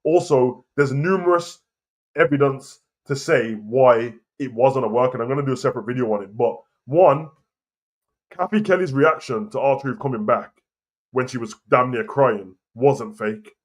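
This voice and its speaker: A wrestling commentary host with a medium-pitched voice, speaking at normal speed, delivers a casual opinion rant to camera on his show. He argues his point heatedly and keeps repeating it.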